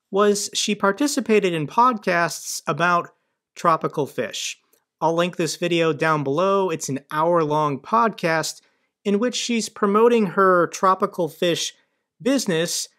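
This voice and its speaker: Slow-talking sardonic male commentator. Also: a little high, sharp tone. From United States. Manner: sardonic, mocking asides. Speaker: commentary channel host. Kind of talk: online news commentary.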